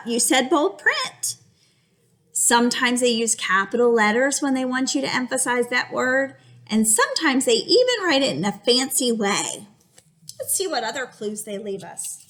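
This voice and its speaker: A woman teacher gives an animated reading lesson to young children in an exaggerated, expressive voice that sits on the high side.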